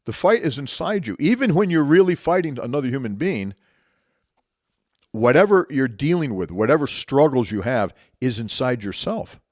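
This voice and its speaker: Brief: man, middling pitch, dry close sound, reflective motivational storytelling. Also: big pitch swings, normal speed, dry recording. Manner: conversational and reflective, frequent restarts. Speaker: martial arts speaker.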